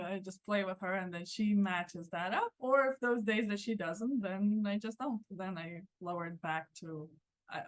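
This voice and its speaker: A middle-aged woman guest sharing a thoughtful, measured observation in a casual chat, with playful touches. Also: fairly low pitch, no room sound.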